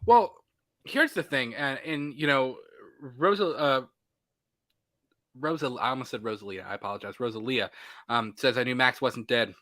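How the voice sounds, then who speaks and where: A man co-hosting a casual movie podcast, talking excitedly and acting out his own reactions. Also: mid-range voice, moderate pace, pauses often. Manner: animated, excitable, acts out reactions. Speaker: podcast co-host. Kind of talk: casual movie review chat.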